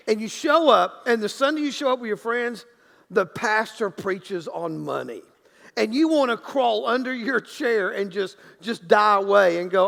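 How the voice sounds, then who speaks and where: A man's voice: high voice, lively intonation, moderate pace, gravelly, a bit bright, long reverb tail. A man preaching a sermon as pastor in a church sanctuary, talking in a loose, conversational way with many restarts and acted-out quotes.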